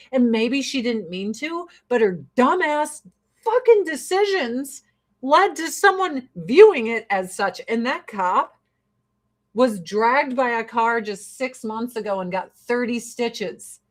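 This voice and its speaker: Woman host, middle-aged, from the US, fairly high voice, exasperated and blunt. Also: expressive, unhurried. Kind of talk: casual opinion rant.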